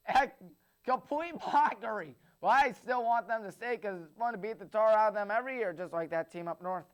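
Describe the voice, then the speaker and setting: Высокий чистый голос молодого мужчины. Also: male voice, high voice. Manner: jokey, opinionated, rapid-fire predictions. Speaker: sports show host. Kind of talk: solo sports picks commentary.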